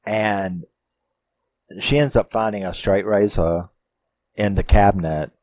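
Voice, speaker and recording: A man recapping a horror film in a casual, profane and animated way. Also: fairly low pitch, slow pace, dry recording. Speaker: film reviewer.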